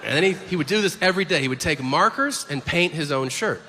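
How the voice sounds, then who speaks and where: A man performing a crude, animated stand-up routine on stage, acting out the people in his stories. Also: fairly high pitch, fast talker. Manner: animated, crude storytelling with acted-out quotes. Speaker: stand-up comedian. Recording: reverberant hall with ambient noise.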